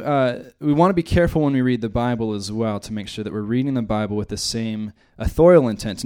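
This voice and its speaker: A man's voice: mid-range voice, darkish tone. Conversational American man teaching the Bible. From United States. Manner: conversational, joking asides. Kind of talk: church teaching.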